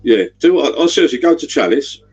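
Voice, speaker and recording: A man's voice: on the high side, animated, quick pace, a little mellow, husky, dull audio. A middle-aged man, rambling chattily on a livestream. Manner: rambling, chatty, gives directions. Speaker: livestream host. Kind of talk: casual livestream chat.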